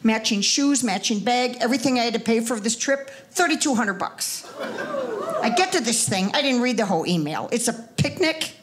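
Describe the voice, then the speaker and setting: High-voiced sarcastic woman comedian. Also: animated, fairly quick. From Wisconsin, American Midwest. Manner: punchy, sarcastic storytelling with audience banter. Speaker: stand-up comedian. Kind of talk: stand-up comedy set. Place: comedy stage before a live audience. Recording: noisy live stage recording.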